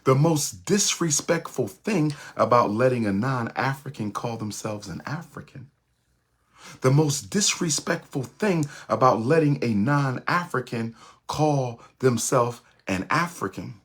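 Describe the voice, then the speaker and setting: A man giving an impassioned lecture in a rhythmic, repetitive preaching cadence, with a husky voice. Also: medium pitch, animated, a little slow. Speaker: speaker.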